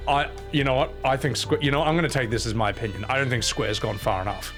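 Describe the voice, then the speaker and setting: A man's voice: mid-range voice, fast, music in the background. A man streaming a video game and ranting sarcastically about the series, swearing freely between bursts of laughter. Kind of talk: casual game commentary.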